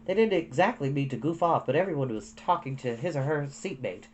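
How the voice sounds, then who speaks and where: A woman reading a novel aloud with expressive storytelling. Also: low voice, a little fast, a little hiss or hum.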